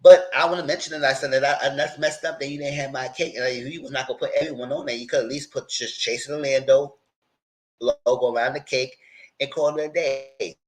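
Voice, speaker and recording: A fairly quick-talking man with a medium-pitched voice reviews and sums up a reality TV episode in a low-quality recording. His delivery is animated and casual, full of conversational phrasing and quoted voices as he replays scenes.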